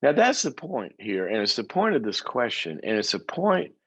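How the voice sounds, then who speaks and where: A man's voice: fairly low pitch, moderate pace, breathy edge, dry recording, rough recording. A man, a psychologist and show host, telling a story to a studio audience and acting out the people in it. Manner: animated storyteller, acting out quoted voices.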